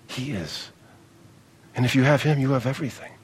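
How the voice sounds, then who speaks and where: A man's voice: mid-range voice, flat delivery, racing, husky, big-room sound. A male pastor preaching a sermon, emphatic, repeating key phrases and calling on the congregation to respond.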